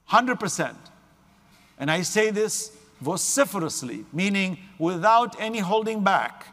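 A man's voice: sits high, lively intonation, a little slow, a bit bright, long reverb tail. A man preaching an earnest religious sermon to a gathering, emphatic, with recited Arabic scripture.

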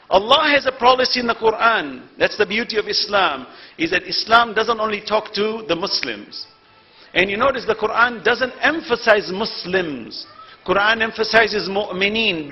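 A man preaching a sermon to a congregation in an earnest, rhetorical way, building to loud emphasis. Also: sits high, lo-fi sound.

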